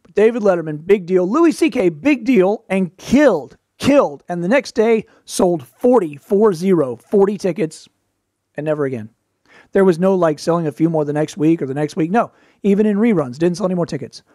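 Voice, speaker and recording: A man with a fairly high voice, a podcast host and performer, gives casual showbiz advice in a relaxed, wry storytelling style. He tosses in quick asides and playful put-on voices for quotes. The recording is dry and close, with no room sound.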